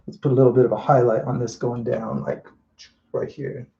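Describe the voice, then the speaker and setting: A man demonstrating a painting live, thinking aloud in a relaxed way with frequent restarts and asides as he works. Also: mid-range voice, brisk, creaky, dull audio. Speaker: painting instructor. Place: indoors at a painting wall.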